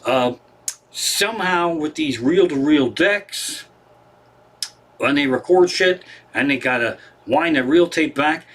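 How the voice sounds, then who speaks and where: A man's voice: fairly high pitch, lively intonation, takes it slowly, fairly bright tone. A man doing a rambling, profane stand-up monologue from his living room on a livestream. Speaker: comedian.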